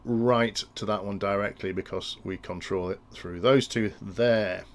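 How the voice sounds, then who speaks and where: A man's voice: lowish voice, fairly even intonation, a little slow. A man explaining industrial control logic in a tutorial, thinking aloud and often restarting his sentences. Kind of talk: technical tutorial walkthrough.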